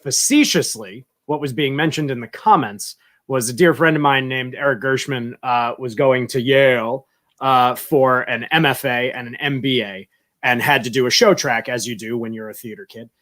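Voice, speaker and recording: A man's voice: medium pitch, moderate pace, pushed and bright. A man answering interview questions casually, chatty and rambling through anecdotes with many fillers. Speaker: guest.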